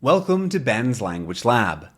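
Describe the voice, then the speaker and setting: Lively man explaining words to learners. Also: medium pitch, a little slow, slightly rough. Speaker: English teacher, channel host. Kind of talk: explaining a comic for language learners.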